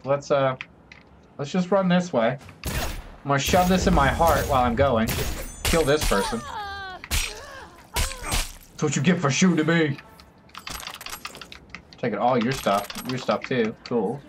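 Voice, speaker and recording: A man streaming a video game live, talking to his chat in an excitable, joking, chatty way. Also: mid-range voice, normal speed, background noise. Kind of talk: live gameplay commentary.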